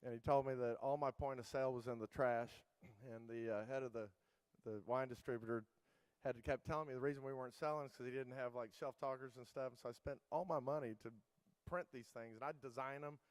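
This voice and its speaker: A middle-aged man gives a keynote in a loose, storytelling way, piling up fillers and restarts. His voice is smooth and clear at an ordinary pitch. The sound is dry and close, with almost no room around it. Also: steady tone, a little fast, no room sound, poor audio. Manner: casual, rambling anecdotes with many fillers and restarts. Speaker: keynote speaker.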